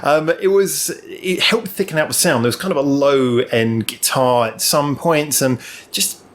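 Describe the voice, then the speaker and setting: A man's voice: a little high, measured pace. A man hosting a music reaction channel, giving a casual, thoughtful solo review to camera with many ums and restarts, recorded alone indoors. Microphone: camera in front of him.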